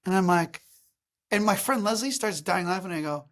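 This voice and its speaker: A man's voice: high voice, animated, fairly quick, a bit bright. Male podcast host, casual, joking, self-deprecating, loose profanity. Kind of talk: casual chat.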